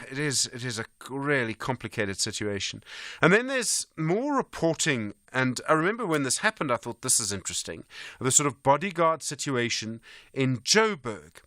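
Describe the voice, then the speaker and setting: A man's voice: mid-range voice, sharp tone, no echo, studio quality. A man hosting a morning radio show, musing aloud and asking questions, with frequent restarts. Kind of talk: casual morning radio talk. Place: radio studio.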